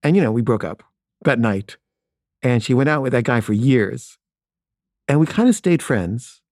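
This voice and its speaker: A man's voice: mid-range voice, animated, moderate pace, a little mellow, no room sound, clean studio sound. A man telling a candid personal story from his past in a wry, conversational way.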